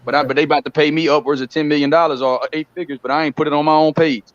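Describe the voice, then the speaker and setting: A man talking fast and heatedly on a live stream, ranting and mocking with quick impressions. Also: fairly high pitch, flat delivery, no room sound, lo-fi sound. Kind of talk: heated casual talk.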